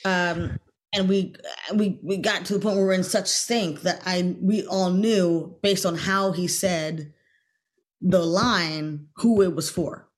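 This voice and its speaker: A middle-aged woman, a guest actress in a podcast interview, telling a story in a lively way and bursting into loud acted-out quotes. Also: fairly low pitch, takes it slowly.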